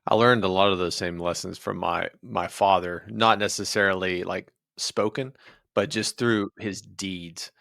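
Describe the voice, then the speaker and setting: Low, bright-voiced plainspoken man from West Virginia. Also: steady tone, measured pace, gravelly, no room sound, studio quality. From rural West Virginia. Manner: plainspoken, tells personal stories. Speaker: podcast host. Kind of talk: casual interview talk.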